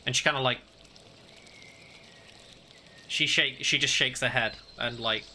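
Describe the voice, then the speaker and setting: A man's voice: mid-range voice, steady tone, normal speed, sharp tone, a little hiss or hum. A man narrating as dungeon master of a tabletop game, hesitant and full of fillers. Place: home setup with fantasy ambience playing.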